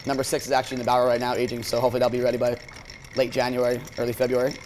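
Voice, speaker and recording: A middle-pitched man walks through making a drink in a friendly, explanatory way. There is faint background noise from the bar. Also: monotone, racing. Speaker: head bartender. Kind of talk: cocktail demonstration. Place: restaurant bar.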